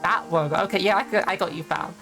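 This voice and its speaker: Woman, young, casual game stream chatter, faint music behind. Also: medium pitch. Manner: rambling, many fillers and laughs. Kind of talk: casual gaming stream chat.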